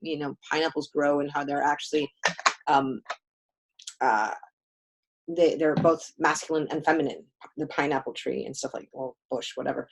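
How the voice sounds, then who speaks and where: A woman co-hosting a casual spiritual chat show, rambling and animated, with swearing and offhand asides. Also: low-pitched, normal speed, gravelly, breathy edge. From San Francisco area. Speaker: co-host, card reader.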